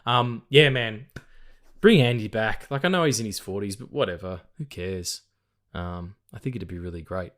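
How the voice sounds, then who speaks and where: A man's voice: lowish voice, normal speed, fairly bright tone. A man hosting a casual film podcast, chatty and swearing freely as he reads out trivia. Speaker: podcast host.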